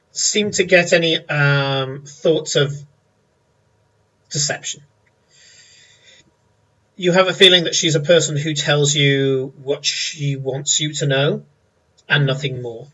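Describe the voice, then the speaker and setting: A man's voice: on the high side, takes it slowly, long pauses, fairly bright tone, highs cut off. A man running a tabletop game as game master, easygoing and laughing often, with hesitant fillers.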